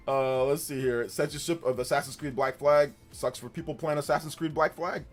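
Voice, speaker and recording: A man hosting a gaming livestream in casual chat, telling stories with lots of laughter and loud acted-out quotes. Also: fairly high pitch, normal speed, faint music behind. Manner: animated storytelling, laughs often, acts out quotes loudly.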